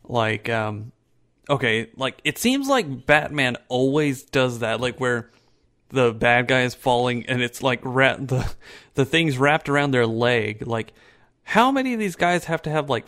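Man, podcast co-host, casual chat, swears, many fillers, lively up-and-down pitch. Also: unhurried. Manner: swearing, animated, hesitant with fillers.

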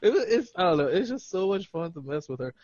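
A man's voice: on the high side, expressive, fast talker, darkish tone, dry recording, lo-fi sound. A man co-hosting a podcast, telling stories in casual chat with quoted dialogue and frequent laughter. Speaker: podcast co-host.

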